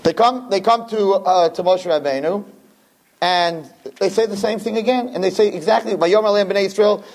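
At a normal speed, a man lectures a live audience in a Torah class, reading out Hebrew verses and then translating. His delivery is lively, and he performs the dialogue with wide swings in pitch.

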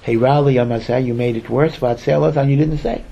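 A man's voice: mid-range voice, fairly even intonation, a little fast, vocal fry, warm tone, highs cut off, slight background noise. A man, a rabbi, giving a Torah sermon in a storytelling way, repeating words for emphasis and acting out the people he quotes. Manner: acts out quoted speakers.

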